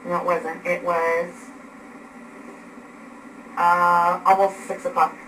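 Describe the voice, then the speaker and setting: Bright-voiced woman in a roomy house. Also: lowish voice, slow pace. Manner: animated, acts out events with gestures. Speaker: eyewitness recounting an arrest. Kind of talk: agitated spoken account. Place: indoors at home. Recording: echoey room, distant mic, background noise.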